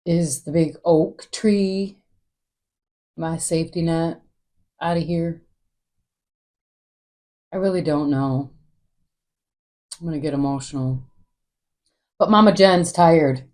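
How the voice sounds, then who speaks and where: A woman's voice: low voice, slow pace, long pauses, darkish tone. A woman hosting her own podcast, talking alone in a candid, rambling way and swearing freely. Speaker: podcast host. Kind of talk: casual solo monologue.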